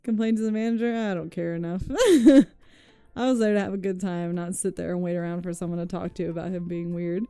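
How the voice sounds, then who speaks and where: A woman chats to her stream audience in a loose, rambling way, peppering her stories with swearing and laughter. Her voice is smooth and warm, recorded close and dry. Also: fairly low pitch, steady tone, a little fast, dry recording, faint music behind. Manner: chatty, rambling storytelling with frequent "like" and swearing; laughs often while telling stories. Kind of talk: casual chat with viewers.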